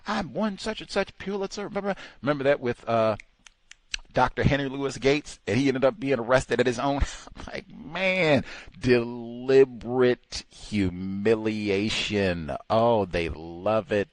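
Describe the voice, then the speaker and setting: A man's voice: medium pitch, unhurried, no echo. A man calling in to a talk show, telling a story with animation and acting out other people's voices. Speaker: caller.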